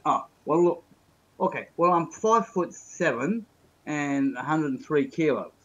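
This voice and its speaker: A man's voice: a little high, lively intonation, measured pace, slight background noise. Joking man on a muffled call. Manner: joking, rambling storyteller. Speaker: guest. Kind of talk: casual chat on a video call. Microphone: video call.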